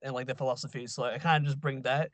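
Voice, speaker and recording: A man's voice: medium pitch, fairly even intonation, fast talker, no room sound. A man hosting a casual interview, chatty, laughing and swearing easily. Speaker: podcast host.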